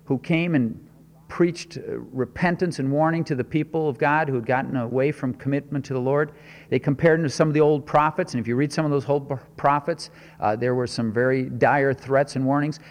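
A man preaching a sermon as pastor, earnest and measured, with emphatic rises. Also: a little high, big-room sound.

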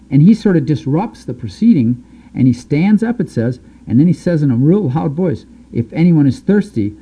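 A man teaching through a Bible passage, reading the verses aloud and then explaining them in loose, halting speech with fillers. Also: medium pitch. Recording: dull, lo-fi recording.

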